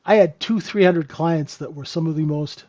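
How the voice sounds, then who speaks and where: A man's voice: a little high, moderate pace, darkish tone, muffled recording. A man hosting a live trading room, giving casual, joking market commentary and answering viewers by name. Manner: chatty, joking, talks to chat viewers by name.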